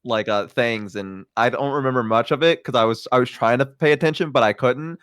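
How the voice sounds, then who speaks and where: A man's voice: medium pitch, a little fast, a bit bright, smooth, no room sound, clean studio sound. A man guest streamer in casual chat, rambling through stories and laughing often.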